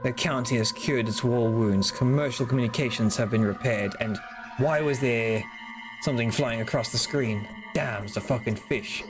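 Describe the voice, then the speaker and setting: A man live-streaming a game, his voice sitting at an ordinary mid pitch. He reads the on-screen dialogue aloud in a loose, casual way, breaking off to ramble, joke and swear. Game music plays clearly underneath him. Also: moderate pace. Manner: casual, rambling, swears and jokes between read lines.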